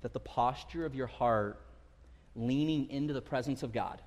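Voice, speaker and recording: A man's voice: mid-range voice, moderate pace, a little mellow, muffled recording. A man in his thirties preaching a sermon to a congregation, talking casually and acting out quotes with rising emphasis. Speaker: pastor. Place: church sanctuary. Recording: long hall reverb.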